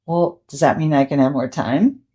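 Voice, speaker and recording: A woman's voice: deep voice, normal speed, dark tone, muffled recording, close to an everyday voice. A woman voicing a frustrated young boy who whines and complains to his mother. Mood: hopeful. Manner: whiny, complaining.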